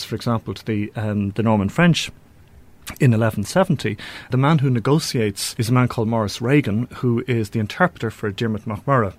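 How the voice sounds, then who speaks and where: A man explaining history in a thoughtful, lecture-like way, often restarting his phrases. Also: mid-range voice. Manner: thoughtful, with frequent restarts and fillers. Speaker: speaker on language history.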